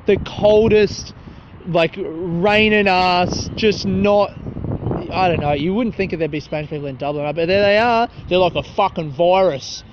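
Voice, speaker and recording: At night on a city street, a young man records a rambling solo podcast into his handheld phone, swearing, mocking himself and laughing at his own jokes. His voice is fairly high and his pace normal. The phone audio is dull, with faint traffic and passers-by behind him.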